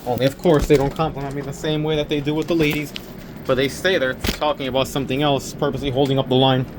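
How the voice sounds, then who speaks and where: A man's voice: medium pitch, level tone, quick pace, background noise. A young man working an overnight store shift, talking casually to camera in a rambling, earnest way that repeats itself. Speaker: overnight convenience store clerk.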